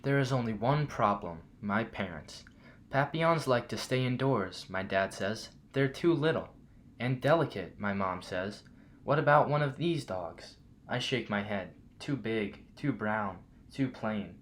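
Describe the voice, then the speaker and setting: A man reading a children's picture book aloud in a steady, clear reading voice. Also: on the low side, unhurried, slight background noise. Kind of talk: storybook read-aloud.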